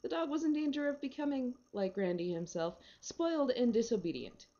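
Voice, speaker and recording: A woman's voice: a little high, expressive, a little fast, warm tone, muffled recording. A woman reading a short story aloud in a wry, sardonic storytelling manner. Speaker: reader.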